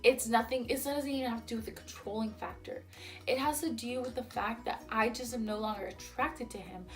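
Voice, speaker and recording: A young woman telling a storytime vlog, her voice sitting a little on the high side. She talks in a chatty, heated rush full of "like." Faint music plays behind her. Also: brisk. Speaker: vlogger.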